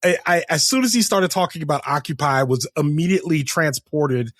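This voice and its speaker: A man from Virginia, a podcast co-host, talking casually in halting starts that turn emphatic. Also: on the high side, animated, fairly bright tone, dry recording, clean studio sound. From Virginia, USA. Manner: halting, restarts, then emphatic. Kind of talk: casual panel chat.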